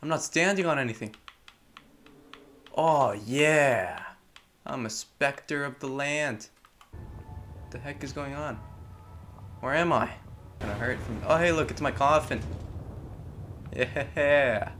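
A young man giving casual, joking commentary on a horror game, chatting to the characters and breaking into loud yelps. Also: mid-range voice, expressive, a little slow, pauses often, slight background noise. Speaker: gameplay commentator.

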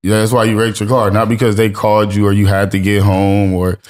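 A man's voice: on the low side, flat delivery, a little fast, a little mellow. A man guest on a podcast, telling laid-back stories in casual chat with heavy slang and swearing. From Los Angeles. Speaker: podcast guest, streetwear brand owner.

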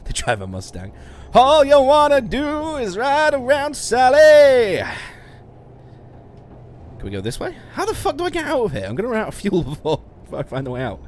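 A man's voice: medium pitch, slight background noise. Sweary man streaming a game. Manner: sweary, self-mocking, laughs a lot. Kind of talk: casual game livestream chat. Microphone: studio musician mic.

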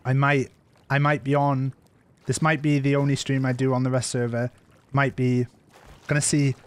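A man's voice: medium pitch, flat delivery, moderate pace. A man streaming a survival game, chatting loosely and repeating himself as he plays. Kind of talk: live gameplay commentary.

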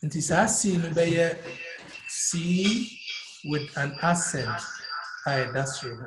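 Ghanaian male music teacher, unhurried, switches between English and Twi, reverberant room. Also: fairly high pitch, animated, background noise. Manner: mixes English and Twi, spells out note names one by one. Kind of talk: live-streamed music theory lesson. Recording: echoey room.

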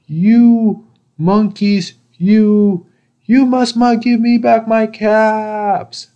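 A man voicing an angry cap peddler who scolds monkeys and works up to shouting. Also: mid-range voice, slow, muffled recording, natural voice.

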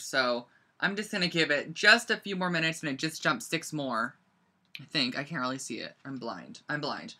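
A teenager hosts a casual live-streamed craft lesson from a bedroom at home, picked up by the camera's own mic. The voice is bright and forward. The talk rambles along, full of "like" and quick side-stories. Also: medium pitch. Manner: rambling and chatty, heavy use of "like". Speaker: scrapbooking instructor.

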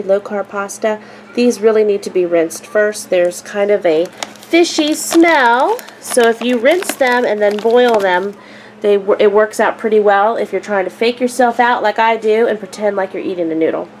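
A woman's voice: mid-range voice, moderate pace, darkish tone, a little hiss or hum. A woman casually narrating a family vlog, chatty and upbeat with frequent fillers. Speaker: vlogger, mother of a large family.

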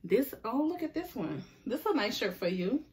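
A woman's voice: fairly high pitch, sing-song, normal speed, darkish tone, slight background noise. A woman hosting a casual home vlog, chatting with viewers and coaxing her son as she shows off gifts. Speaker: vlog host and mother. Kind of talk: casual unboxing chat with viewers.

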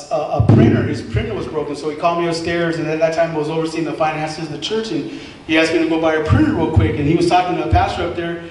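A man in his forties giving an earnest personal testimony to a congregation, repeating himself and acting out quoted dialogue, recorded from a distance in a large church hall. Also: high voice. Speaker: former member giving testimony. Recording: echoey hall from far off, faint hiss.

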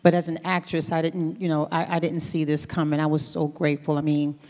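A woman from New York speaks on a theater stage, with a lowish voice. She tells her story animatedly, laughs often and restarts her sentences. A long hall reverb hangs on her words. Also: level tone, a little fast, a little mellow. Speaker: award honoree guest. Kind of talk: onstage interview conversation.

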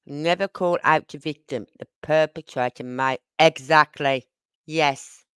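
A YouTuber doing live-stream commentary. The speaker talks emphatically, asks rhetorical questions, repeats points and apologizes for talking too fast. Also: medium pitch, bright, forceful tone, smooth, no echo.

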